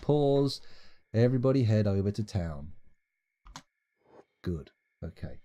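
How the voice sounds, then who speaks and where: A man's voice: on the low side, expressive, slow pace, warm tone. A man giving playful, rambling, self-mocking commentary while streaming a game live.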